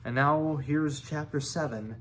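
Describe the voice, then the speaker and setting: A man slowly reading a children's novel aloud, halting and correcting himself now and then. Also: on the high side, a bit bright, a little hiss or hum. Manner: slow, halting reading with restarts. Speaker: reader.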